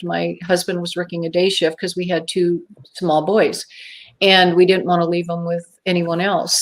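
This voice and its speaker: A middle-aged woman telling a personal encounter story as a guest, animated and acting out her own past thoughts. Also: lowish voice.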